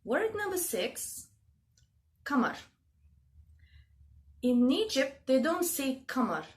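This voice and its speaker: A woman from Russia with a Russian accent, calmly explaining word meanings to her viewers in a casual vlog. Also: high-pitched, slow. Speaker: language video host.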